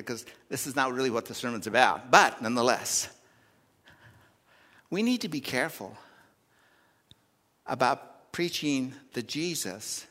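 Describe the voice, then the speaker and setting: A man preaching a Communion Sunday sermon in earnest, rising loud for emphasis and dropping soft in a church. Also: medium pitch. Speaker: pastor. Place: church sanctuary. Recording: long reverb of a church sanctuary.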